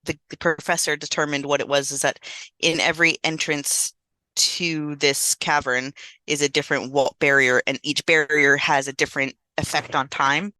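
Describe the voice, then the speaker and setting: A woman's voice: deep voice, flat delivery, moderate pace, pushed and bright, dry recording. A woman co-hosting a podcast, casually recapping a film plot with lots of fillers. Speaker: podcast co-host. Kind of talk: casual movie review chat.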